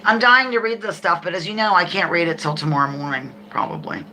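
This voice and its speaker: A middle-aged woman hosting a live trivia game, reading questions slowly and chatting and laughing with viewers. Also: on the low side, expressive, background noise.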